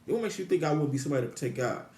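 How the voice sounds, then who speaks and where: A man's voice: fairly high pitch, animated, very fast, a little mellow, echoey room. A man, rambling about God to his viewers, full of restarts and rhetorical questions. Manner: meandering, repetitive, frequent restarts, rhetorical questions. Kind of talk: rambling religious musing to viewers.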